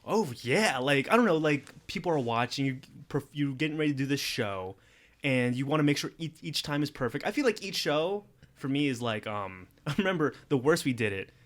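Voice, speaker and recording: Animated young man hosting a podcast. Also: medium pitch, fairly quick. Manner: animated, swears freely, laughs often. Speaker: podcast host. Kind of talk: casual chat.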